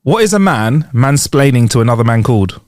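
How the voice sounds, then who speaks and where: A man's voice: medium pitch, lively intonation, a little fast, darkish tone, no echo, studio quality. A man co-hosting a podcast, chatting casually with laid-back, slangy banter. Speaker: podcast co-host. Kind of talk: casual chat.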